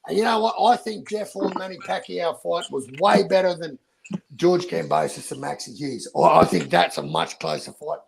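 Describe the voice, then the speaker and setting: A man's voice: on the high side, steady tone, moderate pace, vocal fry, rough recording. An Australian man, a boxing YouTuber, arguing passionately in casual debate and swearing a lot.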